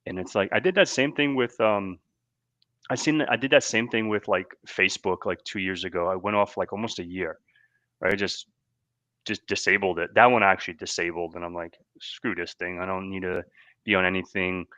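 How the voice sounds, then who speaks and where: A man's voice: deep voice, fairly quick, sharp tone, dry recording, dull audio. A man hosting a podcast, talking casually in a loose, rambling way full of fillers. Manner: rambling, filler-heavy talk. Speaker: podcast host.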